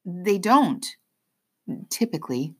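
A weary female zookeeper reports bad news plainly and without fuss in a storybook scene, as a woman reader voices her. Her tone is slow and level, with lively rises. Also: fairly low pitch, husky, voice pushed up, exaggerated voice. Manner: tired, matter-of-fact.

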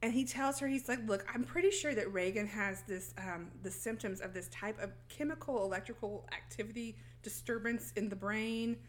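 A woman's voice: medium pitch, moderate pace, hardly any pauses. A woman co-hosting a podcast, telling a film's story in casual chat and acting out the characters' lines. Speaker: podcast co-host recapping a film.

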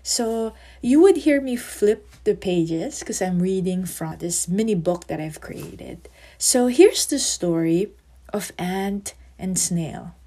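Slow, husky woman host. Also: on the low side. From Philippines. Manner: warm, conversational, therapist-like. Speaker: podcast host and psychotherapist. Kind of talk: podcast monologue.

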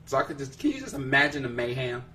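A man hosting a relaxed podcast chat, with a voice of middling pitch that breaks into laughter and playful teasing. He sits a little back from the mic, and a faint hiss sits under the recording. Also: fast, recorded from a distance. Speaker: podcast host. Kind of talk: casual chat.

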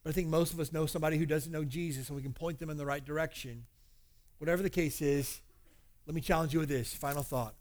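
Candid preaching man, slightly high voice. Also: steady tone, fast, darkish tone. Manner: candid, conversational preaching with personal anecdotes. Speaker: pastor. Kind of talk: evening sermon to a congregation. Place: church service.

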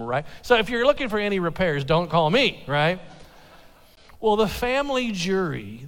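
Man, pastor, sermon, higher pitch, stammering repeats, animated, reverberant sanctuary. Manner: animated storytelling, stammering restarts. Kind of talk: sermon with personal story. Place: church sanctuary. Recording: long hall reverb.

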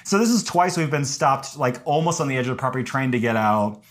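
A young man with a medium-pitched voice chats through a long story. He is lively and animated and pops up into high, sheepish tones when he quotes himself apologizing. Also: fast talker. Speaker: podcast co-host recounting a hike. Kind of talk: casual storytelling chat.

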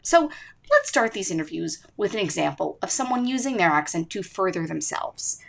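A woman's voice: mid-range voice, big pitch swings, moderate pace, creaky. A teenage girl hosting her school podcast, narrating from a script in an earnest, emphatic way. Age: teens. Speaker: student podcast host.

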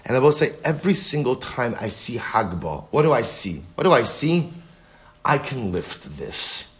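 Animated man teaching a Talmud class. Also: mid-range voice, normal speed. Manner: animated, repeats key phrases for emphasis. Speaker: Torah teacher.

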